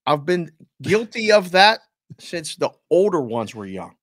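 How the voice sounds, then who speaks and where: A man co-hosting a casual sports talk show, telling animated stories about his family. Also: a little high, a little slow, no room sound, studio quality. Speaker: co-host.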